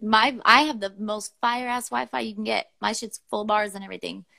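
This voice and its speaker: A woman's voice: mid-range voice, steady tone, a little fast, creaky, sharp tone. A young woman co-hosting a poetry show over an online call. She swears freely, laughs easily and gets emotional while reading listener poems aloud. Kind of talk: casual chat and poetry reading.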